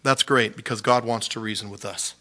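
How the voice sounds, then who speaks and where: A man's voice: on the low side, steady tone, fairly quick, pushed and bright. A man preaching a sermon in a conversational way, laughing often and acting out voices. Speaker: pastor. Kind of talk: sermon teaching.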